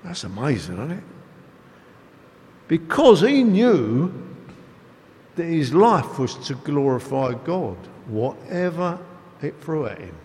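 A man preaching a sermon, telling stories in an animated, emphatic way. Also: fairly high pitch, slow pace, pauses often. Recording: echoey hall with long reverb.

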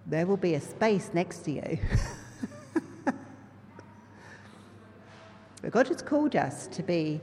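A woman's voice: lowish voice, very animated, normal speed, hardly any pauses, a little hiss or hum. London woman preaching in an echoey hall. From England. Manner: earnest and conversational, warm asides to the congregation. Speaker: lay preacher. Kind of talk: personal testimony sermon.

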